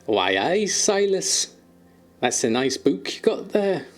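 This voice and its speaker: A man's voice: a little high, big pitch swings, slow pace, faint music behind, pitched above the performer's own voice. A man doing a jokey attempt at a Geordie accent, voicing a cheery northern English man in a chummy, sing-song way.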